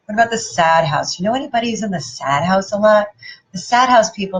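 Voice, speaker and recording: A woman giving a playful, animated motivational talk and putting questions to her audience. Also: mid-range voice, fast talker, muffled recording. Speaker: motivational speaker.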